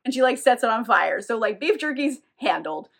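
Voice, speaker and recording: A young woman with a slightly high voice recaps a novel for her channel. Her talk is loose, full of "like" and quick laughs, and she sounds irreverent and chatty. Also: lively intonation, vocal fry, fairly bright tone. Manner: irreverent, laughs often, lots of "like". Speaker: book reviewer. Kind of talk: casual book recap.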